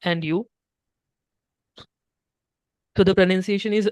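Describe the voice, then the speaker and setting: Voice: medium pitch, fairly even intonation, fast talker, darkish tone, no room sound, studio quality. A French teacher giving a one-on-one beginner lesson, explaining patiently step by step and checking in often.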